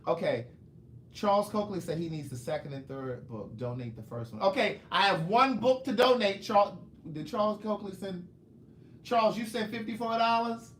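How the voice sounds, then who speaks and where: A man with a high, bouncing voice hosts a casual livestream, chatting playfully with viewers and calling them "niece". His voice swoops all over its range. The sound carries a roomy echo with a faint hiss behind it. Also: lively intonation, moderate pace, fairly bright tone. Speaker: livestream host and author selling his books. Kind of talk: casual livestream chat reading viewer comments.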